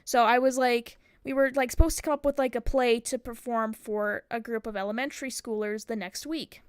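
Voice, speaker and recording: A woman's voice: on the high side, fairly even intonation, a little fast, clear, resonant tone, no echo, clean studio sound. Profane rambling young woman streamer. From United States. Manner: profane, rambling with many fillers. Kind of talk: casual storytelling.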